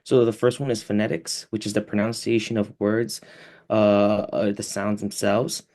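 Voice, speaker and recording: A young man explaining a class topic as a student presenter, pausing often with fillers. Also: lowish voice, flat delivery, a little mellow.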